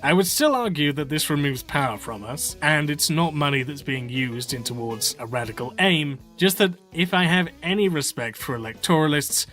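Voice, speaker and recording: A man narrating a scripted political video essay in a measured, lecturing way. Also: fairly high pitch, animated, a bit bright, faint music behind.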